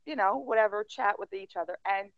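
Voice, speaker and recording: A woman hosting a casual livestream chat, animated and breaking into laughter often. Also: medium pitch, a little fast, lo-fi sound, noisy background. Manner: giggly, animated, frequent laughing outbursts. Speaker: livestream host.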